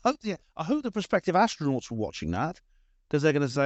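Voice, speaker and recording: A man's voice: on the high side, very animated, fast, no room sound, highs cut off. Emphatic co-host man, casual talk, dry recording. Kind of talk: casual discussion.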